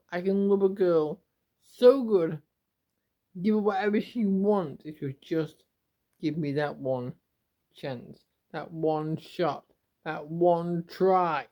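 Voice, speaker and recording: A man from England talking to his camera in a rambling, emotional home vlog, often repeating and restarting himself. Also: high-pitched. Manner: emotional, repetitive, halting. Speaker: YouTuber. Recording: dull lo-fi home recording.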